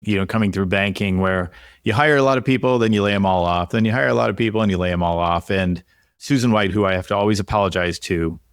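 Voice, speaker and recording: A man with a fairly low voice hosts a leadership podcast, thinking aloud and winding his way into long questions. His voice sits dry and close to the mic. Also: quick pace, clear, resonant tone, no echo. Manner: reflective and conversational, asks long questions. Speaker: podcast host and leadership coach. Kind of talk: casual interview conversation.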